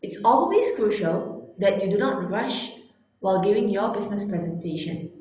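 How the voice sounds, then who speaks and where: Deliberate woman teaching in an echoey room. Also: medium pitch, lively intonation, warm tone, muffled recording. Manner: deliberate, emphatic, slows down to stress key words. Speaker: instructor. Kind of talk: instructional talk on presenting.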